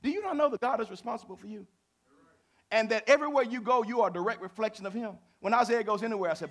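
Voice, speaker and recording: A man preaching a sermon in a folksy, conversational way, talking straight to the congregation and swinging from loud declarations to hushed asides. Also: high-pitched, quick pace. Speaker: pastor.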